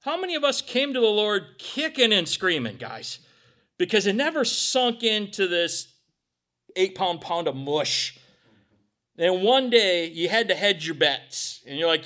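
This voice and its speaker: Preaching in a high voice and a little slowly, a middle-aged male pastor gives an animated sermon. He voices little characters as he goes, his volume rising and falling from loud to quiet.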